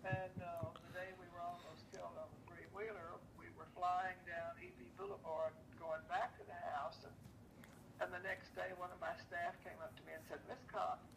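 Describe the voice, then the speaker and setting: A woman's voice: fairly low pitch, steady tone, normal speed, gravelly, noisy background. An older woman, a guest in an interview, telling personal stories with a wry, dry touch. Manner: wry, dry storyteller who builds to punchlines. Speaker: guest sharing personal memories. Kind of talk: casual storytelling interview.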